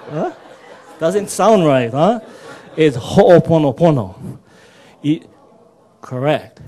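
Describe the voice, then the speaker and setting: A man leads a seminar in a slow, unhurried cadence. His voice sits a touch high but has a soft, mellow tone. He coaxes the room along with patient repetition and frequent "yeah?" check-ins. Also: lively intonation, husky. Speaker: workshop presenter. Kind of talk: seminar teaching pronunciation.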